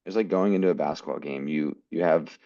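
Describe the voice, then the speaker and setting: Man, very low voice, american, earnest storyteller, muffled lo-fi sound. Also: fast talker, gravelly, mellow, no room sound. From United States. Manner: earnest, quotes people in his stories. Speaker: guest actor. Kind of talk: storytelling interview.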